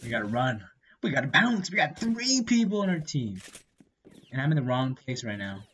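A gaming creator doing casual let's-play commentary, excitable and slangy, blurting reactions and yelling at other players. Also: medium pitch, moderate pace, slightly rough, muffled recording. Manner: slangy gamer talk.

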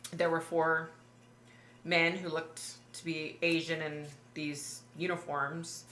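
A woman psychic vlogger retelling a dream in a halting, emotional way, full of fillers and restarts. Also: low voice, level tone, a bit bright, roomy sound, slight background noise. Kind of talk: personal vlog storytelling.

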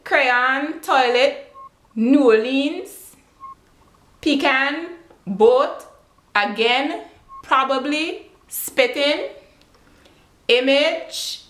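A woman's voice: sits high, a bit bright. A young woman with a Caribbean accent, reading words one by one and answering questions in a casual vlog. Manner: slow, drawn-out word-by-word reading. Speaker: beauty vlogger. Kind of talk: casual word-list accent tag. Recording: roomy home room echo.

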